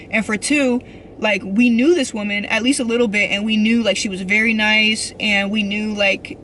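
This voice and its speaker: A woman's voice: fairly high pitch, a bit bright, a little hiss or hum. A young woman vlogger telling an emotional personal story in a rambling, earnest way, full of fillers and restarts.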